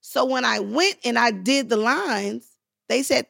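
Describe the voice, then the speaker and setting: A woman guest in a podcast interview, telling stories in a lively way and acting out the voices of the people she quotes. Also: normal speed, gravelly, husky, dry recording, clean studio sound. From Los Angeles. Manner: acts out quoted voices with big pitch jumps, laughing, lively. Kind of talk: animated storytelling in a podcast interview.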